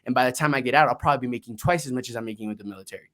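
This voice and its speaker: A man's voice: medium pitch, very fast, a bit bright, natural voice. A young man imitating a funny, blunt older male Marine gunnery sergeant with a New Orleans accent. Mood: matter-of-fact.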